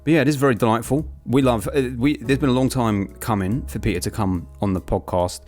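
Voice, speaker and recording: A man's voice: mid-range voice, brisk, a little mellow, faint music behind. A man co-hosting a film podcast, chatty and joking, rambling a little as he talks. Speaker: podcast co-host. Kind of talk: casual film podcast chat.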